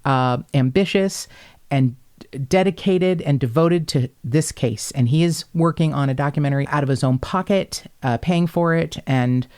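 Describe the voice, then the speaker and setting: A woman hosting a podcast, telling stories in a casual, animated way, blunt and quick to swear. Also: deep voice, clear, resonant tone. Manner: animated, blunt storyteller who swears freely. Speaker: podcast host. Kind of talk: casual chat.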